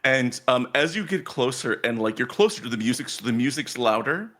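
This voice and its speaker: Male game master, tabletop narration, loose and rambling, animated pitch. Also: brisk. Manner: loose, full of "like" and restarts.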